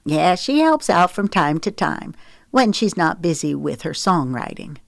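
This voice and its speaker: A woman's voice: lowish voice, big pitch swings, a little slow, vocal fry, no room sound, exaggerated voice. A woman reading the part of a frank, coaxing middle-aged mother in an audiobook, in a dry recording.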